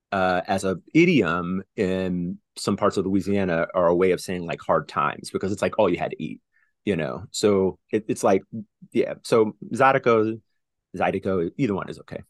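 A man's voice: low voice, no echo, studio quality. A man with a Southern US accent, a poet talking in a remote podcast interview, chatty, with many fillers and restarts. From born in New Orleans, raised in Houston. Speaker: poet guest. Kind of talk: podcast conversation and poetry reading. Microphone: remote call recording.

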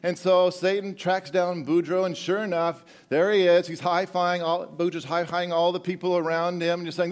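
A middle-aged man preaching a sermon, animated and joking with the congregation, often repeating words as he goes. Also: high-pitched, fairly quick, few pauses. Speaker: pastor.

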